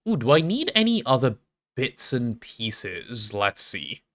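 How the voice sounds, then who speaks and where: A man's voice: medium pitch, wildly swooping pitch, unhurried, a bit bright. A man live-streaming a game, chatting casually and rambling as he reads chat and talks through his build.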